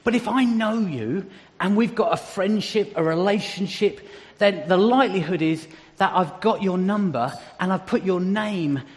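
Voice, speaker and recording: High-voiced man preaching in a hall. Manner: conversational with humorous asides. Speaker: church speaker. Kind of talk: sermon.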